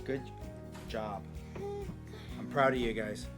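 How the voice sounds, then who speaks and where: A man's voice: lowish voice, steady tone, slow, music in the background. A middle-aged man, a dad hosting a casual family challenge vlog, chatty and exclamatory, often repeating himself.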